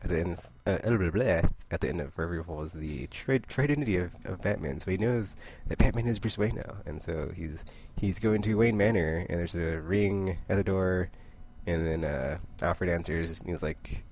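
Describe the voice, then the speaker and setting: Low gravelly man rambling about comics. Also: darkish tone, a little hiss or hum. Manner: rambling, laughs often, quick impressions of characters. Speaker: comic book vlogger. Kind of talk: casual comic review monologue.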